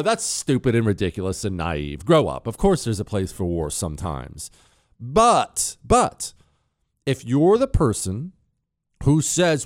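A man's voice: medium pitch, no room sound, studio quality. A middle-aged man hosting talk radio, ranting in a heated, sarcastic monologue.

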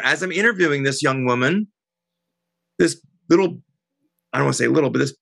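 A middle-aged woman as an interview guest, telling a heated story in an animated, indignant way. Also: low voice, no echo. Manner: animated, indignant, quotes others.

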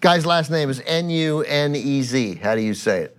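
A man's voice: fairly high pitch, expressive, moderate pace, smooth. A man co-hosting a podcast in casual chat, who keeps pressing questions and explains his points with examples. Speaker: podcast co-host.

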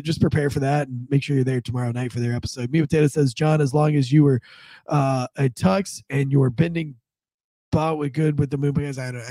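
A man's voice: medium pitch, mellow, no room sound. A man hosting a casual news commentary show with a stuffed-up head cold, rambling with many fillers and restarts. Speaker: host.

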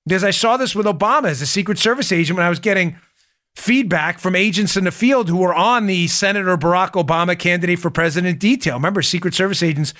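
A man hosting a political commentary talk show, animated and indignant, often calling his listeners folks. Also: high voice, quick pace. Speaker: host.

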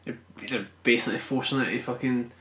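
A man's voice: medium pitch, fairly even intonation, quick pace, fairly bright tone, echoey room. A man chatting casually about a film as a podcast co-host, with dry, crude humour. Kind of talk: casual film review chat.

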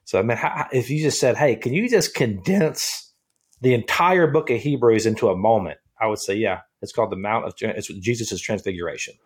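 A man co-hosting a casual Bible study podcast, talking in an animated way and often repeating and restarting his words. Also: on the low side, quick pace, hardly any pauses, husky. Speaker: co-host of a Bible discussion podcast.

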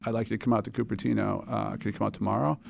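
A man's voice: fairly low pitch, level tone, racing, creaky, a little hiss or hum. A middle-aged man, a podcast guest, telling a story casually, swearing and acting out quoted dialogue.

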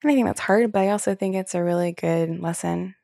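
Young NY woman, podcast host, low gravelly voice, chatty and blunt, dry close mic. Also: fairly quick, mellow, no room sound. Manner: candid, chatty, swears freely, many fillers. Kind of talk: casual solo podcast chat.

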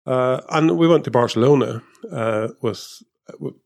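A man's voice: mid-range voice, unhurried, creaky, darkish tone. A man, a former motor racing engineer, talking casually in an interview, rambling with many fillers and restarts. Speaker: former F1 technical director and race engineer.

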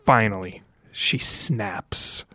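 A man's voice: on the low side, drawn-out words, bright, forceful tone, no echo. Chill guy telling a story on a podcast, cusses a lot, dry mic. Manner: laid-back storyteller, swears casually. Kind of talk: casual chat.

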